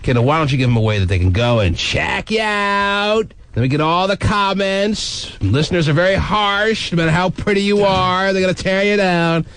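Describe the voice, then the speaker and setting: A man's voice: sits high, animated, a little fast, hardly any pauses, fairly bright tone, smooth, dry recording. Teasing male radio show host. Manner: teasing, blunt, rambling. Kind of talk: casual talk radio banter.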